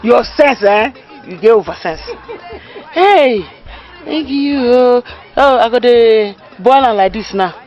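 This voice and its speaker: An actor with a Nigerian accent playing a teasing young man who heckles his friend with loud exclamations. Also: extremely high pitch, lively intonation, dull audio, full character voice. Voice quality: exclamatory, teasing, drawn-out reactions. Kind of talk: Nollywood comedy film acting. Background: faint background music.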